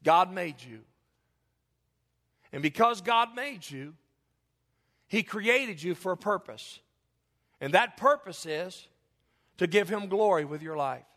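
High-voiced preaching man in a reverberant hall. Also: expressive, slow pace, pauses often. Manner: swings from loud, high preaching to low, quiet appeals. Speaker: pastor. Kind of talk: sermon. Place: church sanctuary. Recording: long church hall reverb.

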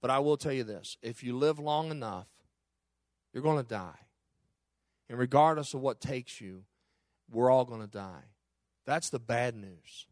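A man's voice: mid-range voice, measured pace, pauses often, darkish tone, no echo, studio quality. A middle-aged man, a pastor preaching a sermon with impassioned, repetitive phrasing.

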